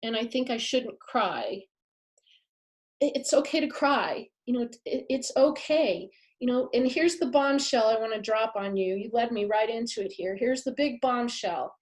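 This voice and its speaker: A woman with a fairly high voice teaches a live masterclass, speaking earnestly to her audience. She leans hard on key phrases and repeats them for emphasis. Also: moderate pace, hardly any pauses, a little mellow. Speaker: pet afterlife speaker.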